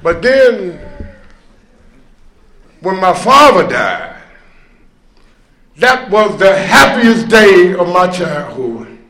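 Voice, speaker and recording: A man's voice: high voice, sing-song, drawn-out words, pauses often, sharp tone, echoey room. A man sharing his recovery testimony at a meeting, telling his story conversationally with many fillers, bursts of emphasis and rueful laughs. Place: meeting room.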